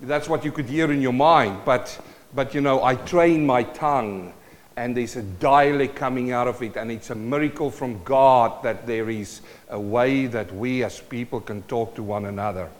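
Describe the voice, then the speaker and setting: A man's voice: medium pitch, normal speed. Male preacher, South African accent, playful and interactive, recorded with long church reverb. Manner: playful, calls out to the congregation. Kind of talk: sermon.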